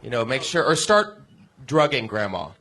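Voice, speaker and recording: A man on a panel at a live comedy show, excitedly pitching joke ideas to a comic. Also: moderate pace.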